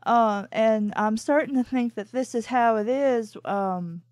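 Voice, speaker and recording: Chatty woman with a higher voice. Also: a little slow, a little mellow, no echo. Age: adult. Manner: rambling, full of "I'm like" and restarts. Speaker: podcast co-host. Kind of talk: casual chat, anecdotal storytelling.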